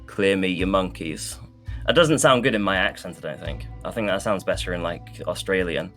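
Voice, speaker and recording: Low-voiced male esports caster, chatty. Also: animated, brisk, bright, forceful tone, faint music behind. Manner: rambling, chatty, many fillers. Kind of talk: live esports commentary.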